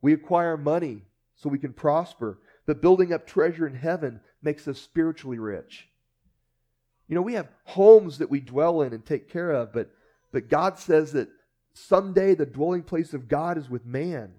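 A man preaching a sermon with animated delivery, acting out the voices of people he quotes and often repeating words. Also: on the high side, normal speed. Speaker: pastor.

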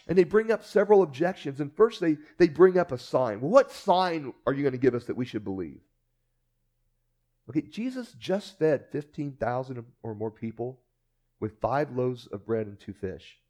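A man preaching a sermon with animated delivery, acting out the voices of people he quotes and often repeating words. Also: medium pitch, moderate pace. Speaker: pastor.

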